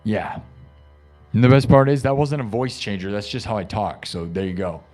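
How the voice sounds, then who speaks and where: A man's voice: on the low side, animated, normal speed, a little mellow, faint music behind. A man hosting a live stream, chatting casually and rambling with lots of "like" and "dude.". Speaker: live-stream host and improv musician. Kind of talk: casual chat.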